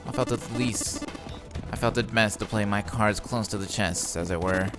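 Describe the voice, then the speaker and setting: Guy doing a smug calm dude from a game, low nerdy voice, slow and measured, game music behind. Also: natural voice.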